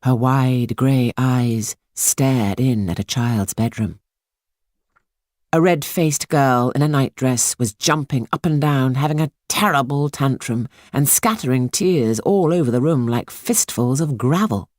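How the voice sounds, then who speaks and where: A woman reading a children's story aloud in a hushed, suspenseful manner. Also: extremely low pitch, measured pace, no room sound, studio quality. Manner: hushed and suspenseful, lingering on words. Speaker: audiobook narrator. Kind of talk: scripted storybook narration.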